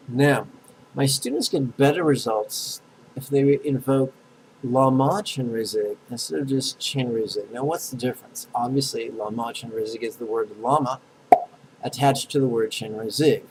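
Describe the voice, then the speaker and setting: Guy teaching meditation, blunt and direct, stretches out chant syllables, mid pitch. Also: slight background noise, poor audio. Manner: direct and blunt, drawing out syllables slowly for repetition. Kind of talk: guided meditation lesson with call-and-response chanting.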